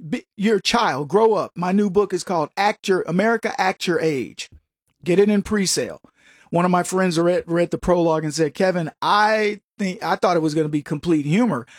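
A man with a fairly high voice delivers a talk show monologue in a combative, sarcastic way. He mocks the voices of the people he quotes. The sound is dry and close, with no room echo. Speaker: political commentary host.

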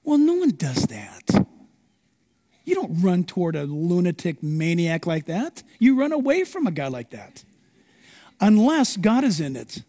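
A man's voice: high-pitched, normal speed, big-room sound. A male pastor preaching a sermon, telling stories dramatically and acting out the quotes. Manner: animated, dramatic storytelling with acted-out quotes.

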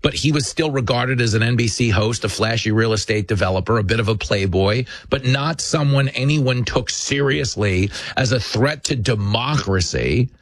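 A man hosting a show, delivering a fast, sarcastic, impassioned monologue of commentary and storytelling. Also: mid-range voice, no echo. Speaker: political commentary host.

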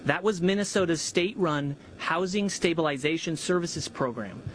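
A man from the United States, a government official, reading a formal prepared statement at a press conference in a measured, deliberate way with pauses for emphasis. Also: fairly high pitch, a bit bright, a little hiss or hum.

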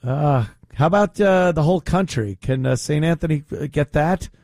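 A man's voice: on the high side, moderate pace, a little mellow, dry recording, clean studio sound. A man hosting talk radio, speaking in a mocking, opinionated way. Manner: mocking, puts on whiny voices to ridicule. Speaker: radio talk show host.

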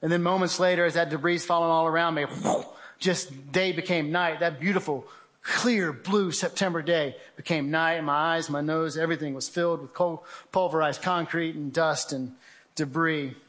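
A man's voice: a little high, steady tone, moderate pace. Man telling a gripping personal story. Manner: vivid storytelling, acts out his own shouts, addresses listeners as guys. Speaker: speaker giving a testimony presentation. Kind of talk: dramatic spoken testimony to a live audience.

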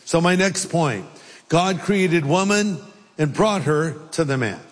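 A man preaching an animated, joking sermon as a pastor in a large church hall. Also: fairly high pitch, takes it slowly. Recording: long hall reverb.

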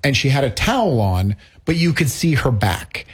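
A man co-hosting a talk show, telling a story in a chatty, casual way with quick asides. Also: medium pitch, big pitch swings, a little hiss or hum. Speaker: co-host. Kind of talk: casual chat.

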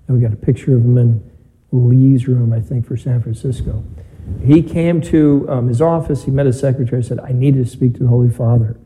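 A man's voice: mid-range voice, dark tone, poor audio. A man, a priest, reading the Gospel and giving a conversational homily with stories in a church. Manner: conversational preaching with anecdotes. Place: church or chapel.

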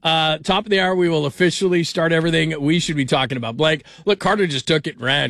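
A man's voice: on the high side, fast talker, creaky, hardly any pauses, a bit bright, no room sound. A man hosting a late-night sports talk radio show, rambling and restarting his sentences and laughing often. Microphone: studio microphone. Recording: dry close studio sound.

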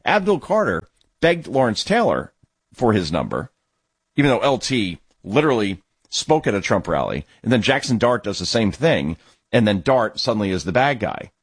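A man's voice: on the low side, moderate pace, husky, dry recording. A man hosting a sports talk show, sarcastic and indignant as he tells stories and gives opinions. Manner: sarcastic, indignant, animated storytelling. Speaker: youth baseball coach and father.

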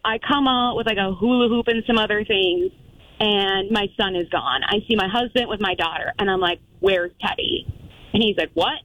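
Woman caller telling an animated story. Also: mid-range voice, fairly quick, dry recording, low-quality recording. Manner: animated storyteller, quotes herself and others.

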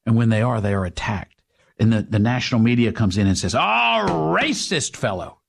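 A man's voice: fairly low pitch, steady tone, fast talker, a little mellow. A man hosting a talk radio show, delivering an indignant, mocking monologue.

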